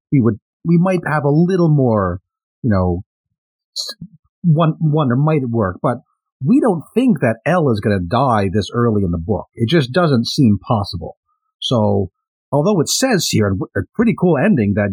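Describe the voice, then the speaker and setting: Husky man musing on a podcast. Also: medium pitch, a little mellow. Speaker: podcast co-host. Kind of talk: casual podcast discussion.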